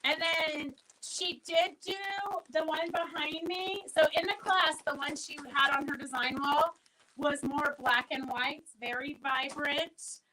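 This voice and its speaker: A woman's voice: high voice, fairly even intonation, measured pace, sharp tone, low-quality recording. A woman hosting a casual live-stream fabric sale, chatting and answering viewers' comments as she goes.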